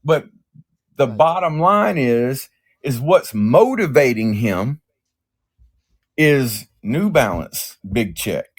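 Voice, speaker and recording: A man's voice: medium pitch, lively intonation, takes it slowly. A man co-hosting a podcast in casual chat, talking bluntly and profanely and acting out the people he quotes. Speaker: podcast co-host.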